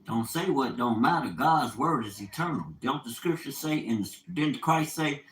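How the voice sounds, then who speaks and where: A man's voice: medium pitch, lively intonation, moderate pace, reverberant, low-quality recording. An older man in an unscripted monologue, ranting in a profane, preachy way and quoting scripture with fire. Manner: quotes scripture, fiery preaching tone. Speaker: vlogger.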